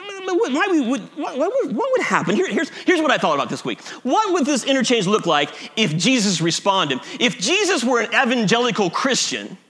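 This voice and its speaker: Brief: male pastor preaching, high bright voice, emphatic, repeats key lines. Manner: emphatic, repeats key phrases, chuckles at himself. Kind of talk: sermon.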